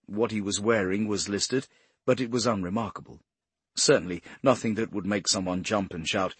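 A man narrating a crime novel as an audiobook in a measured, expressive way. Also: fairly low pitch, no room sound. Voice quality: husky.

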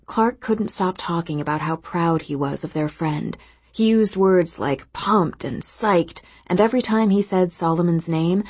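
A woman reading a novel aloud in steady, scripted narration. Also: fairly low pitch, breathy edge, no room sound. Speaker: audiobook narrator.

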